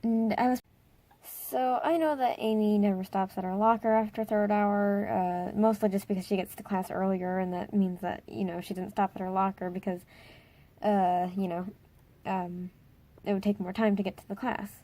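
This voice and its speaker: Excitable and heavy on filler words, a teenage vlogger shares a school story in casual storytime style, now and then squealing dramatically. She speaks at a medium pitch and a moderate pace.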